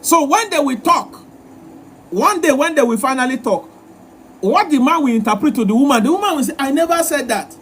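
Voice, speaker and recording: Guy with a really high voice lecturing on relationships, hammers the same word over and over. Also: animated, fairly quick, fairly bright tone, slight background noise. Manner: repetitive, emphatic, lecturing. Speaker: relationship advice host. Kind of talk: live-stream advice talk.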